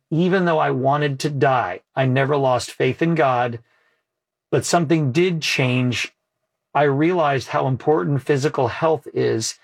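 A man, a guest in an interview, earnestly telling a personal story with emphasis. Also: on the high side.

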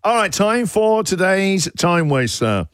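A man hosting a radio show, joking in playful banter and shouting pirate puns. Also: sits high, sing-song, takes it slowly, no room sound, studio quality. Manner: playful, punning, bursts into shouted pirate growls. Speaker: radio breakfast host.

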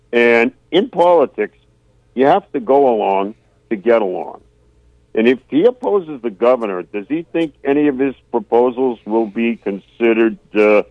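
A man calling in to a radio talk show to give his opinion, speaking deliberately with many fillers. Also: mid-range voice, no room sound, phone-quality sound. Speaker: radio caller. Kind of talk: opinionated phone-in commentary.

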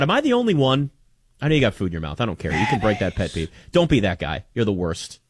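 A man hosting a live sports talk show, bantering loudly with a studio colleague, then talking casually about football. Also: mid-range voice, fast, dry recording. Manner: animated, joking banter, loud and energetic. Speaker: sports radio host.

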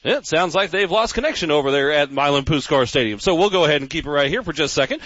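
A man hosting a radio football pregame show from a sports grill, with a brisk, upbeat announcer delivery. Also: a little high, animated, a bit bright, dry recording. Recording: dull radio broadcast with faint noise.

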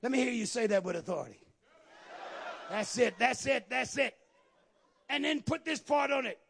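A man preaching a sermon as pastor, swinging from low murmurs to shouted exhortations with a gravelly, husky voice. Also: moderate pace, long pauses.

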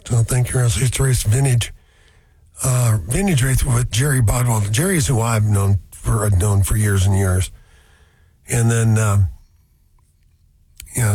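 A man's voice: medium pitch, a little mellow, husky, dry recording. A man hosting a car radio show, rambling through folksy asides in a casual chat.

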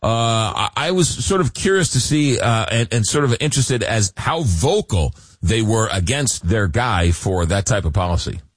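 A man's voice: lowish voice, expressive, moderate pace, hardly any pauses, no echo. A man hosting a late-night radio talk show, joking and stumbling over repeated words and fillers.

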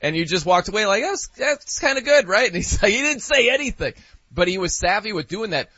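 A man hosts a sports talk show in a lively, casual way, often laughing and acting out quotes. His voice is bright and a little husky. The sound is dry and close but dull and lo-fi. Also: high-pitched, quick pace, dry recording. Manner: animated, laughing, acts out quotes.

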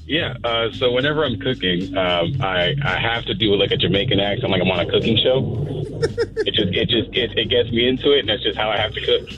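A man's voice: fairly low pitch, a little fast, lo-fi sound. A man calling a radio show, easygoing and laid-back as he chats with the hosts. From Hispanic background. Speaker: caller. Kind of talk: call-in radio chat.

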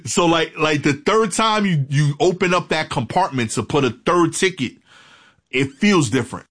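A man telling a comic story in a lively, casual, punchy way. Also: on the high side, moderate pace, no echo, studio quality.

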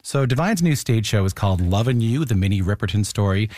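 Male interview host, low register, dry studio mic, easygoing and playful. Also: lively intonation, brisk, warm tone, dry recording. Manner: playful, tries falsetto to demonstrate. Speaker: radio host. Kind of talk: casual interview.

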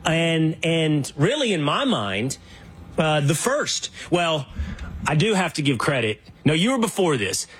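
Husky guy from texas hosting, rambles thru his questions, voice a bit high. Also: sing-song, measured pace, fairly bright tone. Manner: rambling questions with many restarts. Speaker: interview host. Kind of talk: casual conversation.

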